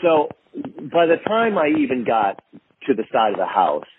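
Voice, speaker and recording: A man calling in as a guest, telling a story with animated energy and acting out what other people said. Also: medium pitch, normal speed. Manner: animated, acts out other people's lines in a raised voice. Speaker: guest filmmaker. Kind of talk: storytelling in a phone-in interview. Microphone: phone call. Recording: tinny phone line with faint hiss.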